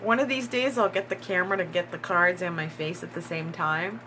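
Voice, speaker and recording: A woman giving a tarot reading in a slow, musing way, repeating herself and breaking into excited bursts. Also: on the low side, noisy background. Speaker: tarot reader.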